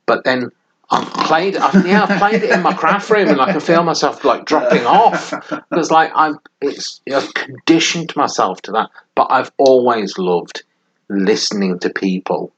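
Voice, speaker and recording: A man's voice: mid-range voice, unhurried, a bit bright. A man co-hosting a podcast in casual, rambling chat, often laughing as he talks. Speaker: podcast co-host. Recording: dull lo-fi audio with faint noise.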